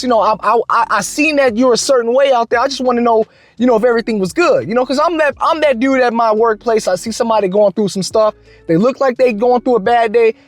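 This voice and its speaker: A man vlogger telling a work story in a casual, slangy, animated way, with lots of restarts. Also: extremely high pitch.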